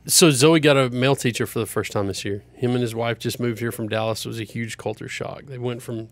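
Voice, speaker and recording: A chatty man telling casual stories, his voice carrying a gravelly edge. He speaks at a middle pitch. The recording is dry. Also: steady tone, a little fast, dry recording. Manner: chatty storyteller, lots of fillers like "like". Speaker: podcast co-host, property manager. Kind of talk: casual chat.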